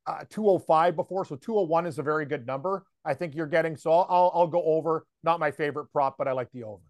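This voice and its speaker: A man with a slightly raised voice, talking in a loose, rambling way and piling on fillers as he gets excited. He co-hosts a sports betting show and chats casually about his picks. The sound is dry and close, with no room around him. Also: a little high, fast, dry recording. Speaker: sports betting podcast co-host. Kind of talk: casual chat.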